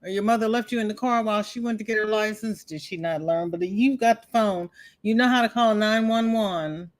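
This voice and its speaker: A woman's voice: medium pitch, brisk. A woman hosting a crochet livestream, chatting casually and greeting viewers by name, with folksy exclamations.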